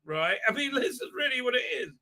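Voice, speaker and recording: A man's voice: very high voice, big pitch swings, fast talker, sharp tone. A man hosting a livestream, giving rambling, exasperated, crude fan commentary full of fillers. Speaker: livestream host.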